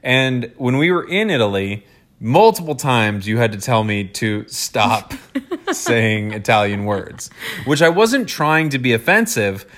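An American man hosting a casual podcast chat, playful and quick to laugh. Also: mid-range voice, animated, a bit bright. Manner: playful, laughs often, jokey voices. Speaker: podcast host.

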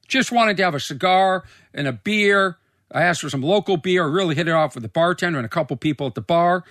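A comedian hosts his own podcast, telling rambling stories in a casual monologue packed with fillers and restarts. His fairly high, slightly bright voice moves briskly, recorded cleanly in a studio with no echo.

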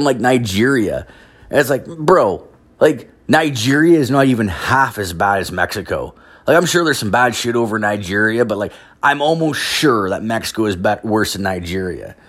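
A young man from Canada telling a profane, rambling story, full of "like" fillers and swearing, mimicking other people in a higher voice. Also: fairly bright tone. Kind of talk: profane casual storytelling rant.

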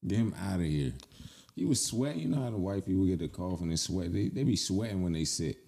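A man from Baltimore in a casual chat, a loud, profane, joking storyteller. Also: sits low, animated, quick pace, vocal fry.

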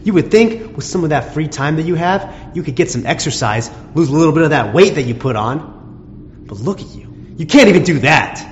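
A man's voice: fairly high pitch, animated, moderate pace, natural voice. An actor playing a resentful working husband who scolds his wife sarcastically, in a dull, echoey recording with faint noise behind. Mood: bitter. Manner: bitter, sarcastic, rising to angry outbursts. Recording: dull muffled sound, long reverb, faint room noise.

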